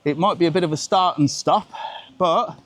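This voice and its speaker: A man's voice: fairly high pitch, normal speed, a bit bright. Sweary man ranting on a rainy walk. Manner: blunt, sweary ranting, chatty with viewers. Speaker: travel vlogger host. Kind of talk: live-streamed walking vlog. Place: outdoors on a seaside promenade in rain.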